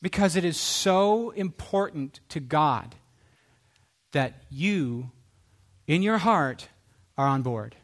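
A middle-aged man preaches with animated energy, firing off rhetorical questions and acting out the people he quotes. His voice sits high and swoops widely as he drives each point home. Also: takes it slowly, pauses often. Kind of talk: sermon.

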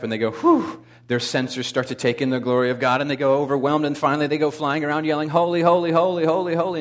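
A man preaching a sermon, dropping to a hush and rising to loud cries, with humorous asides. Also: mid-range voice. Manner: dramatic, swings from hushed to loud.

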